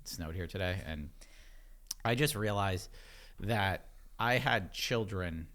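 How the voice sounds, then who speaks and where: A man's voice: low-pitched, slow, fairly bright tone. A man, co-hosting a casual podcast chat, rambling and swearing freely. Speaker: podcast co-host.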